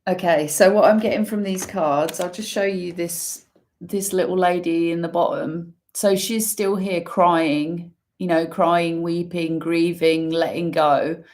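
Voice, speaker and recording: A woman giving an intuitive tarot reading, musing slowly and using many fillers as she talks through the cards. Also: lowish voice, steady tone, a little mellow. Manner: slow, musing, full of fillers. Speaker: tarot reader.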